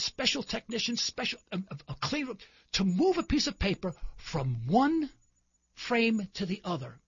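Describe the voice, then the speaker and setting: A man's voice: high-pitched, creaky, husky, no room sound, muffled recording. A man hosting a talk show, delivering an impassioned political commentary monologue full of rhetorical questions and indignant emphasis.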